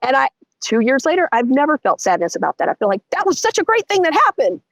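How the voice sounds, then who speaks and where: A middle-aged woman, telling a story as a guest in an interview, animated and vivid. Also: fast, creaky, dry recording. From Texas. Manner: animated, vivid storytelling with lots of pitch swings.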